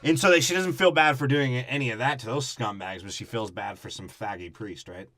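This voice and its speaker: A man's voice: medium pitch, a little fast, a bit bright, dry recording. A man co-hosting a podcast, riffing on a movie plot in crude, profane casual chat. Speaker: podcast co-host.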